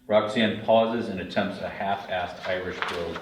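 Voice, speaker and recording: A man's voice: deep voice, steady tone, moderate pace. A man narrating the scene directions of a script in a plain, matter-of-fact way. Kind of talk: script read-through narration. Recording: very echoey, distant, faint hiss.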